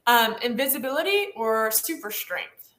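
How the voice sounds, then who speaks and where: A woman's voice: on the high side, lively intonation, moderate pace, fairly bright tone. Playful woman host on an echoey call. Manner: playful, teasing. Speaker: webinar co-host asking lightning round questions. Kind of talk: casual video-call chat. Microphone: video call.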